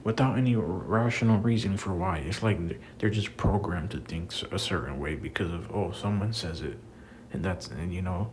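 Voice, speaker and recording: A young man rants casually to his audience in a lowish voice, circling back to the same complaints with plenty of fillers and restarts. He sounds exasperated throughout. A faint hiss sits under the recording. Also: normal speed, low-quality recording. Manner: frustrated, repetitive, many fillers. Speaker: wrestling commentator. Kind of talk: casual rant to camera.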